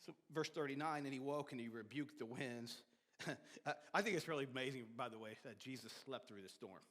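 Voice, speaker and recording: A man preaching a sermon as pastor, animated, with sudden shouts and soft drops, often repeating and restarting words. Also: medium pitch, fairly quick. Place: church sanctuary. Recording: long hall reverb of a church sanctuary.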